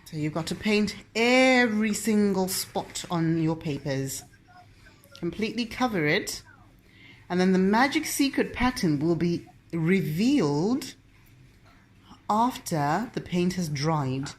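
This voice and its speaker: Playful mum host, mock-grand commentary, bouncy lively pitch. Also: female voice, slow pace. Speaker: parent and host. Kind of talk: casual chat while crafting with a child.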